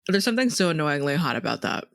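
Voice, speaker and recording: A co-host on a casual podcast, cutting in with short reactions and wry asides. The voice sits at an ordinary middle pitch, and the recording is close and dry. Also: sing-song, fairly bright tone, no room sound. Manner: chiming in with quick quips and short reactions.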